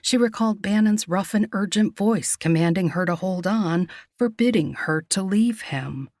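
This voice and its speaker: A woman's voice: mid-range voice, moderate pace, darkish tone, dry recording, studio quality. Woman narrating a romance audiobook.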